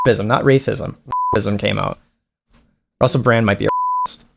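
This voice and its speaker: A man's voice: on the low side, moderate pace, gravelly. A man giving casual, crude, mocking reaction commentary with frequent laughing asides.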